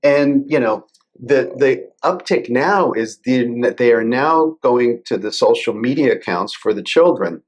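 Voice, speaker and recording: A man speaks as a guest in a casual interview. He explains things in a measured, conversational way. His voice sits at a middle pitch. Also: animated. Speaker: guest, cybersecurity lawyer.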